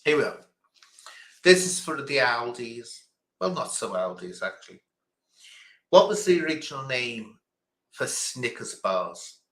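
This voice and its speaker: A man's voice: medium pitch, sing-song, a little slow, pauses often, fairly bright tone, reverberant. A man hosting a casual quiz stream, chatting and rambling between questions. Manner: chatty, rambling, chuckling asides. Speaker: quiz host.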